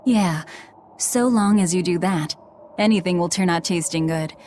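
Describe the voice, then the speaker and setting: A woman's voice: on the low side, moderate pace, darkish tone, slight background noise, close to an everyday voice. An actress voicing a blunt, guarded young woman in a video game, speaking in a terse, subdued way. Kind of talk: game voice acting.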